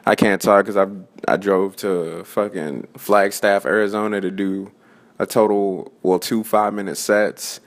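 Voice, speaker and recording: Man, 20s, slightly low voice, profane rambling stand-up comic venting. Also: fairly even intonation, a little slow. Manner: profane, rambling, restarts mid-sentence. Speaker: open-mic comedian. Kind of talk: casual rant.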